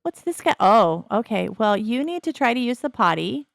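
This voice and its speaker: A woman's voice: a little high, very animated, normal speed, creaky, no room sound, clean studio sound. A middle-aged woman casually commenting on a life-simulation game, chatty and wry, laughing often and slipping into character voices. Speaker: let's play host.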